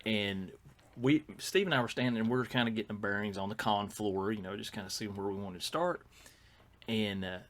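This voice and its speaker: A man's voice: lowish voice, brisk, a bit bright. A middle-aged man, telling stories in casual podcast chat, rambling with fillers and restarts. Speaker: podcast co-host.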